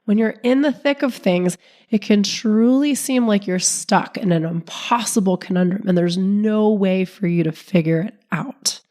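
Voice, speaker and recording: A woman relationship coach hosting her own podcast, talking calmly and steadily while sick, her voice sounding off from illness. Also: mid-range voice, unhurried. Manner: calm, steady, non-judgmental explaining. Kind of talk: solo podcast talk.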